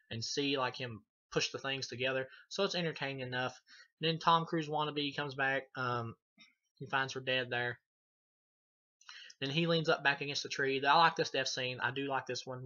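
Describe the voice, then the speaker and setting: A man's voice: mid-range voice, sharp tone, highs cut off. A man giving a casual, profane film review, rambling and laughing as he retells scenes. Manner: rambling, swears a lot, laughs often. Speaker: movie reviewer.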